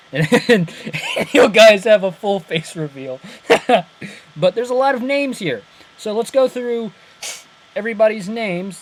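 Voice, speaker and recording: Young guy chatting about an episode, kinda high voice, keeps correcting himself and laughing, faint noise behind. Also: poor audio. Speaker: channel host breaking down an episode. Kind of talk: casual chat.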